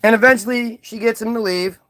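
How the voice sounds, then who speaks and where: A man's voice: very high voice, steady tone, a little fast, pushed and bright. A man hosting a livestream, ranting casually to his chat in a heated, profane way with many restarts. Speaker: livestream host. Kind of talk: casual rant to a live chat.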